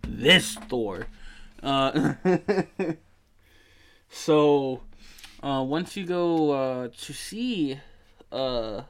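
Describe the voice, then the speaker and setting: Tired guy rambling on about a game plot late at night, slow and smooth voice, swears a lot. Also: a little high, expressive, darkish tone. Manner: rambling, swearing, many fillers and restarts. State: sleepy, yawning. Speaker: podcast host. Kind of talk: casual video game story recap.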